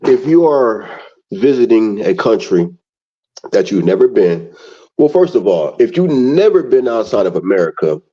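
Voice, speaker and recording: Man, panelist, low mellow voice, measured, muffled call audio. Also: big pitch swings. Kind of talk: live-stream panel talk. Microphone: remote video call.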